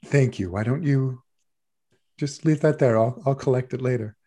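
A man's voice: medium pitch, normal speed, warm tone, lightly acted. A man voicing an effusive older woman who judges a baking contest, swooning over each cake. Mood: gushing. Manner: effusive, sighing praise.

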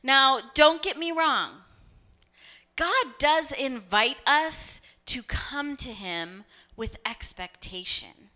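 Lady pastor preaching, kinda high voice, bright, acts out little voices in her stories. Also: expressive, takes it slowly. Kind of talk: sermon.

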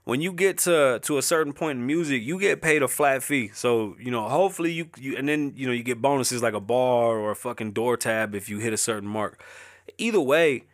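A young man hosting a casual show, rambling and swearing freely in a loose, unfiltered monologue. His voice sits at a middle pitch and sounds close and dry, with no room around it. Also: brisk, no room sound. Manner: rapper, says he is an artist. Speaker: show host.

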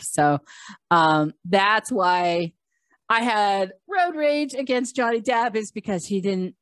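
A woman hosting a podcast, telling a personal story in a casual, animated way and acting out the voices of the people in it. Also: no echo. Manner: animated, acts out quoted voices with big pitch jumps. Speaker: podcast host.

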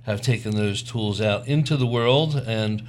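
This podcast co-host, a man in his sixties, talks at a measured pace in a voice on the low side, with a little hiss or hum in the audio. He banters casually with his wife, relaxed and joking.

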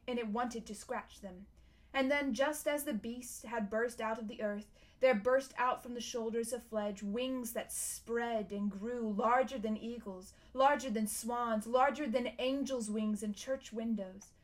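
A woman narrates a storybook aloud in an expressive, measured way. Her voice sits somewhat high.

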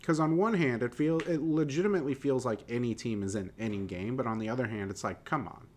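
A young man with a Southern American accent, co-hosting a casual sports podcast, animated and dropping the g on his -ing words. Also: mid-range voice, fast talker. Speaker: podcast co-host.

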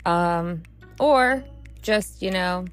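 With faint music behind her, this podcast host speaks very slowly in a fairly low voice. Her solo monologue is a profane, rambling rant, heated and frustrated, her thoughts scattered and restarting.

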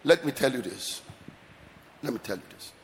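A man preaching a sermon as pastor, swelling into shouts and sing-song cadences. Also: mid-range voice, animated, moderate pace. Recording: reverberant church hall with faint music.

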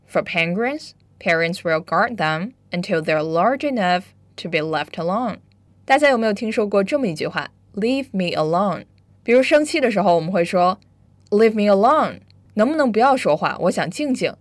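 A woman hosting a bilingual English lesson, upbeat, drilling words slowly and carefully. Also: on the low side, lively intonation, no echo. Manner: upbeat, switches between Chinese and English, slow careful pronunciation drills. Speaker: English teacher and host.

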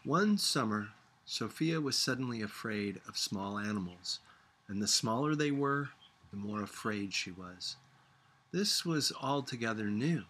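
A man reading a novel aloud as a teacher, with expressive delivery that sometimes drops to a whisper. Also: on the low side, a little slow, a little hiss or hum.

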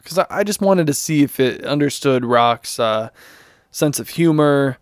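A man's voice: a little high, measured pace, smooth, no room sound, clean studio sound. A man hosting a casual solo podcast, rambling and correcting himself with chuckling asides. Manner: reads text aloud flatly without doing impressions. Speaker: podcast host.

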